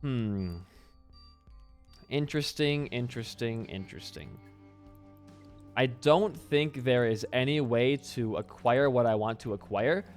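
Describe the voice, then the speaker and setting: A young man giving casual gameplay commentary, rambling and self-deprecating, swearing often. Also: medium pitch. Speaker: gaming YouTuber. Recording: faint background music.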